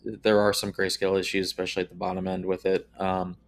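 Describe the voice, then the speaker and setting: Measured low-voiced man, flat delivery. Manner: measured, hesitant with many "uh" and "um". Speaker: guest TV calibration expert. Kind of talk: casual livestream chat.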